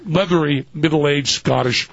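A man's voice: a little high, measured pace, creaky, a bit bright. A man hosting a radio talk show, rambling and joking with many fillers as he reads a story aloud. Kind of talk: casual radio banter and reading aloud. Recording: dull lo-fi radio audio.

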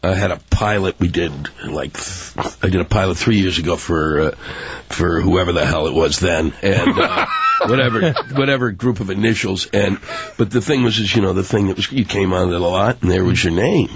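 A man's voice: deep voice, moderate pace, slight background noise. A man, a stand-up comedian, in a casual chat, talking in a rambling, self-deprecating way. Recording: dull lo-fi audio.

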